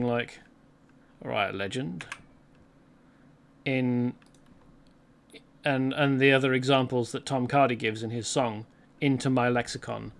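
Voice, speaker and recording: Gamer guy rambling over gameplay, gravelly low fry, keyboard clacking behind. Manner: rambling, chatty, self-correcting. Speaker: let's play host. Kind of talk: casual gameplay commentary.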